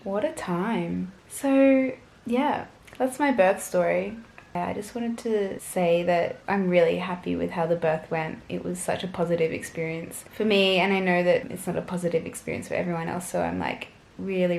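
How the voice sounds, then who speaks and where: Chatty young woman with a gravelly edge. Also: on the low side, reverberant. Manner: chatty, gushing, full of "like" and "oh my gosh". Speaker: vlogger. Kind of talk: casual storytelling to camera.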